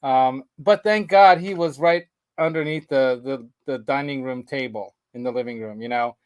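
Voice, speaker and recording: A man hosting a casual show, telling a story in a rambling, animated way with laughs. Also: mid-range voice, normal speed, clean tone, no room sound, poor audio. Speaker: show host. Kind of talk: casual chat.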